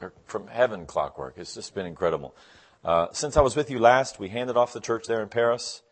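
A man, a guest pastor, giving a sermon in a church, telling stories and acting out conversations with lively, animated delivery. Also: on the low side. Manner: animated storyteller, acts out dialogue in the joke. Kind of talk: sermon with storytelling.

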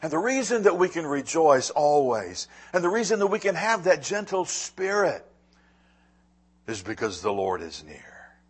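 A middle-aged male pastor with a slightly husky, somewhat raised voice delivers a sermon. His pitch leaps around as he preaches, swinging from loud emphasis to near-hushed asides, and he repeats words as he presses a point. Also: big pitch swings, a little slow.

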